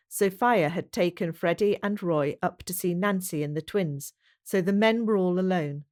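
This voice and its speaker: A woman reading a historical novel aloud as audiobook narrator, measured and even. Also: lowish voice. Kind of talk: storybook narration.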